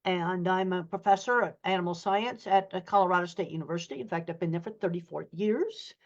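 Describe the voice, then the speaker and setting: A woman's voice: on the low side, fairly quick, lo-fi sound. An older woman, a professor, giving a lecture-style talk over a video call in a direct, plainspoken way with blunt practical examples. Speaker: guest speaker, professor of animal science.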